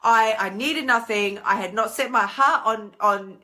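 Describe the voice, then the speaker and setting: A woman hosts a casual live stream with a bright, forceful voice pitched a little high. She talks in a chatty, animated way, jumping up in pitch whenever she acts out her own inner voice. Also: a little slow. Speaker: host.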